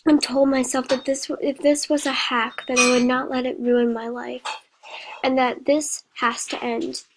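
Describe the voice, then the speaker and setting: A woman reading a horror story aloud in a slow, even way, with a few slips. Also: high-pitched, slight background noise, rough recording.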